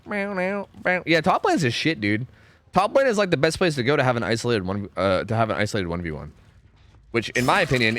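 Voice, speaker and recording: A man's voice: mid-range voice, fairly bright tone, slight background noise. A young man streaming a game, chatting casually and rambling through answers to chat, often stumbling and repeating words.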